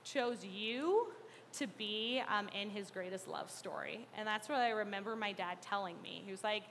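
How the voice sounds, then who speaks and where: A woman gives a personal testimony in a bright, forward voice. She speaks earnestly and haltingly, with plenty of fillers. Her words trail off into a long reverb, and there is faint noise behind her. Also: mid-range voice. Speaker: speaker sharing a faith testimony.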